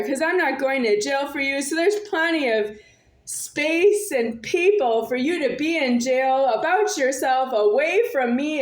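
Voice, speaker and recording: A woman talking to camera in a rambling monologue, repeating and circling her phrases insistently. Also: high voice. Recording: roomy echo.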